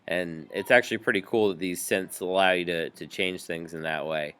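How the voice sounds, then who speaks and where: A man teaching a music software tutorial, explaining each step patiently with frequent ums. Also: low-pitched, fairly even intonation, moderate pace, clear, resonant tone. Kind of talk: screen-recorded software tutorial.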